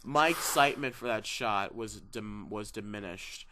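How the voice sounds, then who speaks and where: A young man co-hosting a podcast, chatting casually and excitably, often laughing and acting out quotes. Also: lowish voice, unhurried, slight background noise. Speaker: podcast co-host. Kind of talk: casual chat.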